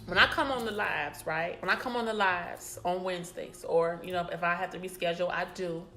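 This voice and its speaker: A woman's voice: lowish voice, steady tone, fairly quick. A woman hosting her own live broadcast, speaking to viewers in a casual, repetitive, affectionate way. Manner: warm, repetitive and affectionate toward viewers, lots of "y'all".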